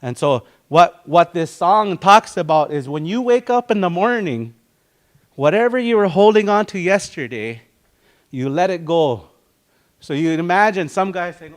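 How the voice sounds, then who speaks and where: A man's voice: fairly high pitch, expressive, moderate pace. A man with a Dakota community accent teaching a language and culture class, explaining words one at a time and acting out little quotes as he goes. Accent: Dakota community English.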